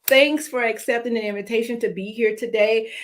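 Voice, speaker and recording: A woman hosting a live online talk show on a video call, giving church-flavored greetings and shout-outs to viewers. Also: on the high side, fairly even intonation, a little fast.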